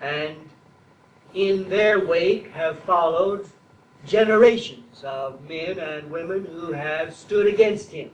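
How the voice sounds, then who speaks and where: A man preaching a sermon slowly and deliberately, building to emphatic, repeated declarations. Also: fairly high pitch, echoey room, recorded from a distance, highs cut off, slight background noise. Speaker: traditionalist Catholic preacher.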